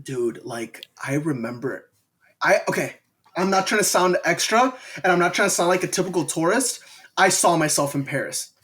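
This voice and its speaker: Rambling young American guy, slightly high voice. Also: normal speed. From United States. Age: young adult. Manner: rambling, animated storytelling with slang. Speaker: podcast guest. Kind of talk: casual chat.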